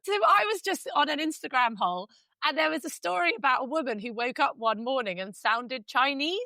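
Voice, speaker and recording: This podcast co-host has a high-pitched, animated voice that's fairly quick, gravelly, bright, and forceful, with no room sound. She chats casually and frankly in a giggly, talkative way.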